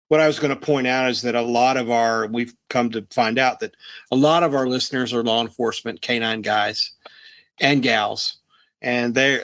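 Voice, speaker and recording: A man hosting a podcast in casual interview chat, talking in a relaxed way and laughing along with his guest. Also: mid-range voice. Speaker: podcast host.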